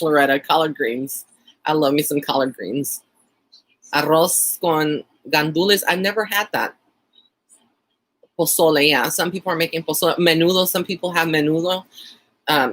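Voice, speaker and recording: A man's voice: on the high side, pushed and bright. A man with a Texan accent hosting a casual live-stream chat, rambling along with plenty of fillers and easy laughs. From Texas. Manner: chatty and rambling, frequent fillers and light laughter.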